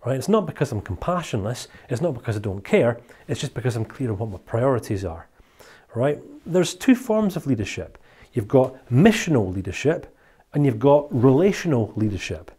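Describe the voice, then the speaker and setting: A man's voice: medium pitch, dark tone, breathy edge. A Scottish man teaching a recorded course lecture in a chatty, jokey way.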